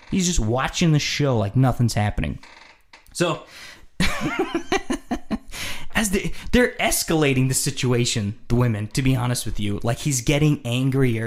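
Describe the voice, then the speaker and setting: Animated man telling a story. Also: mid-range voice, normal speed. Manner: animated, acts out quotes, laughs often. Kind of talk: casual storytelling.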